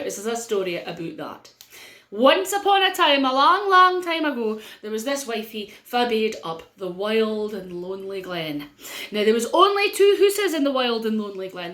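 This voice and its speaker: Playful Scottish storyteller woman, lively pitch. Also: reverberant. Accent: Scottish (North-East). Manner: playful, drawn-out dramatic pauses. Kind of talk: storytelling for children.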